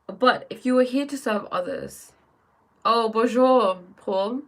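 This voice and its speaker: A woman's voice: on the high side, slow, slight background noise. A woman hosting a live stream who chats casually, greets viewers by name and reads oracle cards aloud, often restarting her sentences.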